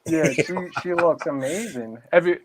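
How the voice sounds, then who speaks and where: Speaking at a normal pace with a somewhat high voice, this New England man is a relaxed podcast guest who says "man" and "dude" a lot. It's loose interview chatter, and the recording sounds muffled and lo-fi.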